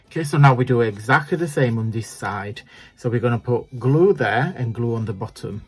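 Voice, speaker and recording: Man, crafting tutorial host, chatty, self-deprecating, mid-pitched voice. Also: expressive, moderate pace, husky. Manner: chatty, self-deprecating, talks while working.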